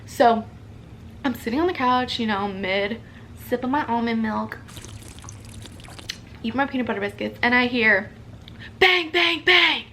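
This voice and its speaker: A young woman talks through a personal story in a loose, chatty vlog style. She fills her speech with "like" and "you know". Her voice sits a little high, with a faint background hum. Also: moderate pace, pauses often, fairly bright tone. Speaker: social media creator. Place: at home in her apartment.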